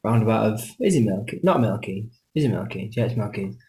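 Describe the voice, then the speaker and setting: Chatty Yorkshire man, lively voice, echoey. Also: on the low side, rapid-fire. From Yorkshire, England. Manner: jokey, rambling banter with frequent laughs. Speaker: podcast co-host. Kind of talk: casual chat. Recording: echoey room.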